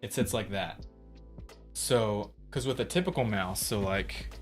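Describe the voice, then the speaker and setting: A man's voice: on the low side, measured pace. Rambling man chatting on livestream. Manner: rambling, laughs often, reads chat aloud. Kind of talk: casual livestream chat. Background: faint music.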